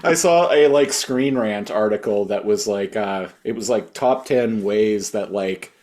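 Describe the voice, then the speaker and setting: A man's voice: fairly low pitch, a little mellow. A man co-hosting a podcast in casual chat, laughing easily and chiming in with jokes. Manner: chuckly, quick to laugh, hums sound effects. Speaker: podcast co-host.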